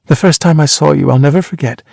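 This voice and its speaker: A man voicing a sharp, teasing former actress. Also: fairly high pitch, vocal fry, no room sound, studio quality. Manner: teasing, brisk and cutting. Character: worldly former actress, woman in her thirties, sharp and teasing.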